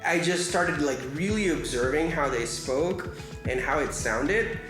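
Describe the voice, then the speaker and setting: A man with an Indian English accent talks easygoing and explanatory in an interview. His voice sits a little high for a man, in a roomy, echoing space with music underneath. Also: lively intonation, measured pace, a bit bright. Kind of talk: casual interview answers.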